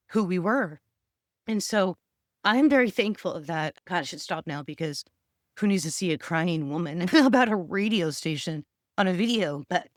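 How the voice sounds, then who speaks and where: A woman's voice: low-pitched, no echo, studio quality. A middle-aged woman, a radio personality and therapist, talking candidly and emotionally in a personal vlog. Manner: emotional, candid, tearful at times.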